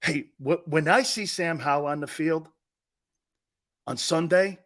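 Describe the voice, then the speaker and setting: A man's voice: fairly high pitch, measured pace, a bit bright. A man hosting a sports talk show, ranting with emphatic, combative opinions and repeating himself for emphasis.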